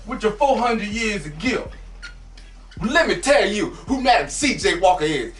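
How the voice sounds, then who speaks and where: A man delivers a satirical comic monologue, animated and given to sudden shouted bursts. He sounds set back from the microphone in a reverberant space. Soft music plays underneath. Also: high-pitched, normal speed. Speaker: comedian host. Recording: echoey, from a distance, faint music.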